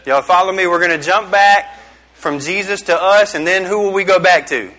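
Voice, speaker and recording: Bright, joking preacher man. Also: sits high, moderate pace. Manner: joking, chatty, quizzes the audience. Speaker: youth pastor. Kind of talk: casual youth sermon. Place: small room with a group.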